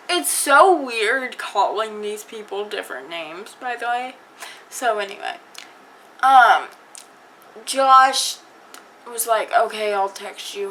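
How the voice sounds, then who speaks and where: Woman vlogger for a storytime video: slow delivery, bright tone, chatty, acts out the other people's lines. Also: a little high, low-quality recording. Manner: chatty, lots of fillers, acts out quoted dialogue. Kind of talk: casual storytime vlog.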